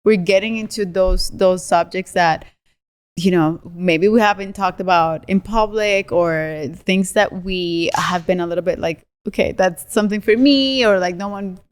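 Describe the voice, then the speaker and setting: Smooth-voiced woman chatting openly. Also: fairly low pitch, long reverb tail. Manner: warm, open, chatty, quick to laugh. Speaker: podcast co-host. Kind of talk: casual podcast conversation.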